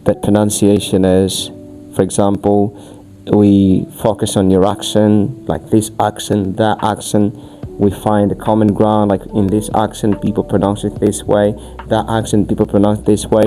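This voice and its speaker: A man's voice: fairly low pitch, completely flat delivery, moderate pace, warm tone, faint music behind. A man, an English teacher explaining at length on a podcast, emphatic and often restarting his phrases. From Angola. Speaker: English teacher being questioned.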